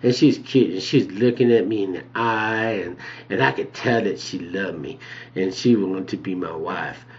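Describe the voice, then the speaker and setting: A man's voice: low voice, normal speed, a little hiss or hum. A man telling a rambling comic story, bragging and calling himself by name. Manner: brags, calls himself by name in third person. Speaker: comedic character monologuist. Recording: dull lo-fi video recording.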